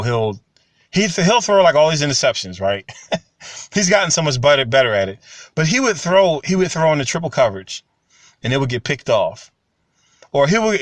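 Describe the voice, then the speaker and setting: A man's voice: medium pitch, no room sound. Talkative man, dry close sound. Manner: conversational, animated when retelling stories. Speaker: commentary channel host. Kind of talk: casual monologue to camera.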